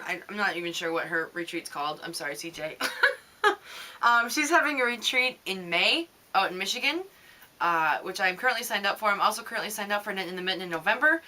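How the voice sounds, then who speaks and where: Bright chatty woman rambling on her vlog. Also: medium pitch. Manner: chatty, rambling, frequent "um"s and laughs. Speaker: knitting vidcast host. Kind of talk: rambling casual vlog chat.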